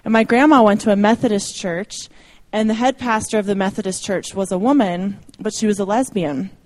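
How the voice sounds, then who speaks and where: A young adult woman with a mid-range, darkish voice talks a little fast to a church group in their meeting room. Her subject is ministry, and her manner is casual, chatty, and self-deprecating, with light laughter.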